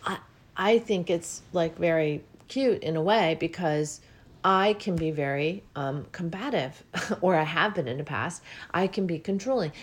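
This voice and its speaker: A woman's voice: lowish voice, a little mellow. Earnest woman giving a spiritual talk. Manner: earnest, repetitive, rising with emotion. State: near tears at times.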